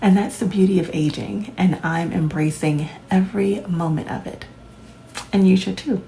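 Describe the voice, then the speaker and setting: A woman's voice: lowish voice, normal speed, creaky, mellow, a little hiss or hum, low-quality recording. A woman, chatting casually to camera as a vlogger, laughing often and adding playful asides. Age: 40s.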